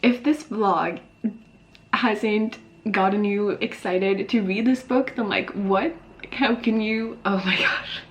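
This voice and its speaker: A woman in her early twenties, tearful after crying, talking haltingly to her camera about a book in an emotional reading vlog. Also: medium pitch, highs cut off, slight background noise. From Sweden. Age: early 20s. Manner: emotional, halting, many fillers and sighs. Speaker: book vlogger. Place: alone at home talking to camera.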